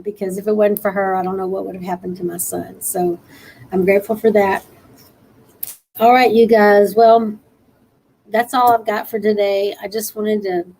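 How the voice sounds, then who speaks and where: An earnest woman from Texas hosts an encouraging live-stream talk, her voice a little worn from a long night. She laughs easily between her calls to help others, at an ordinary mid-level pitch. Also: a little mellow, rough recording. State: tired after a long night. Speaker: show host.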